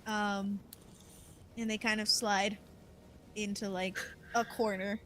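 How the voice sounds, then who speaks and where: A woman running a tabletop game as game master, speaking slowly and unhurriedly. She hesitates often with fillers while describing scenes. Her pitch is an ordinary middle range. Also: little pitch movement, a bit bright, a little hiss or hum.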